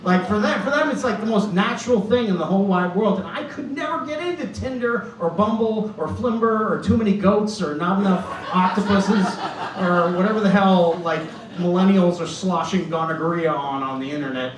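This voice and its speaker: Middle-aged comic on an echoey stage. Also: male voice, sits high, normal speed, a little hiss or hum. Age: 50s. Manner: storytelling, acts out quoted voices. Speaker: stand-up comedian. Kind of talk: stand-up set. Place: comedy club stage. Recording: echoey club from far off, loud ambience.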